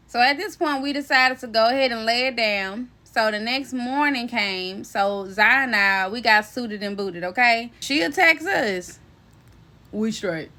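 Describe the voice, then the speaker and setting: A young woman telling a personal story to her viewers in a casual, animated, slangy way, cursing freely and calling the audience "y'all.". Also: a little high. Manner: swears freely and laughs while telling the story.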